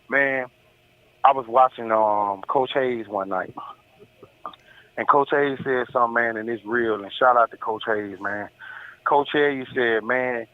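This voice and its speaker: A man calling in to a talk show, folksy and drawling, always saying "boy" and "man". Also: mid-range voice. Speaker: caller. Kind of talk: casual call-in chat. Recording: dull lo-fi phone-in line.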